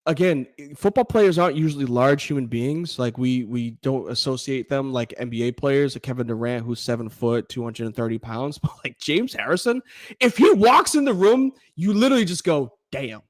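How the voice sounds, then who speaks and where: A man co-hosting a sports podcast in a casual, animated and profane way, laughing often. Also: mid-range voice, normal speed. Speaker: podcast co-host.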